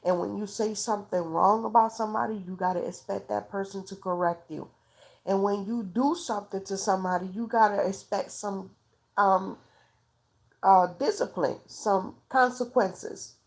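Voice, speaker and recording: Gravelly, tearful mother telling her story. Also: medium pitch, steady tone, normal speed. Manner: raw, tearful, pleading. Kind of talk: emotional personal testimony.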